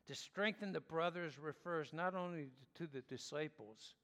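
Man preacher, slightly higher voice, earnest and measured, long hall reverb. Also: fairly bright tone. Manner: earnest, explanatory, measured pauses. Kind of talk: sermon.

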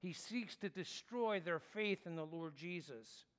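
Man preacher, slightly higher voice, earnest and measured, long hall reverb. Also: expressive, a bit bright. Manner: earnest, explanatory, measured pauses. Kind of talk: sermon.

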